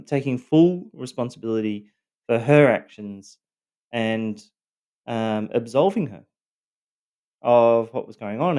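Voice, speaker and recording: A man telling his own story of family abuse in a halting, blunt way, full of fillers and the odd swear word. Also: medium pitch, a little mellow, clear, resonant tone. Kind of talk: personal storytelling to camera.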